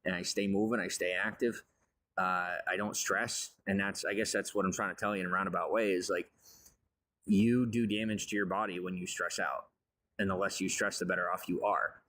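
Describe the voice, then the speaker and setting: A man with a low, fairly even voice speaks at a normal speed, his tone bright and forceful, over slight background noise. Raised on a farm, he delivers a grandiose, rambling monologue about his life and the advice he has to offer.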